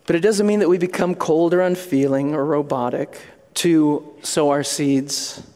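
A man's voice: on the high side, steady tone, moderate pace, darkish tone. A male pastor preaching a sermon in an earnest, conversational storytelling manner. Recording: long hall reverb.

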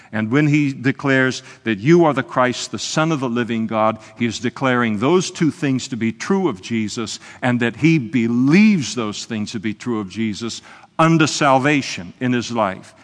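A man's voice: medium pitch, expressive, measured pace. Earnest preacher man in a reverberant hall. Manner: earnest, conversational preaching with frequent "uh" hesitations. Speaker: pastor. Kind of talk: sermon. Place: church service, evening.

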